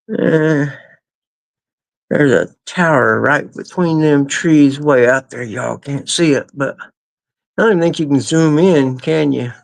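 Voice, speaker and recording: Gravelly man chatting to his dogs. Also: fairly high pitch, no room sound. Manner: folksy with country grammar. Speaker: vlogger. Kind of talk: casual live stream talk. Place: backyard and doorway at sunrise.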